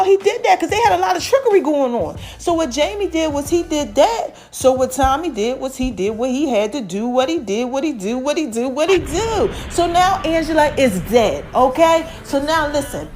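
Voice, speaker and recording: A woman podcast host, recapping a TV episode in an animated, chatty way, calling her listeners y'all and acting out the characters' lines. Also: sits high. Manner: animated, addresses listeners as y'all, acts out quotes.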